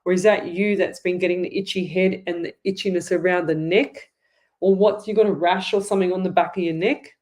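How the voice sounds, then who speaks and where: A woman's voice: lowish voice, fairly even intonation, brisk, darkish tone. A middle-aged Australian woman hosting a live psychic reading, chatty and rambling, often repeating herself. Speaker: psychic medium host.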